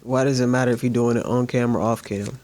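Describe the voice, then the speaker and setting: A man hosting a reaction commentary video, talking earnestly and sometimes softly to his dog. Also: mid-range voice, fairly even intonation, fast talker. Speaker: commentary channel host.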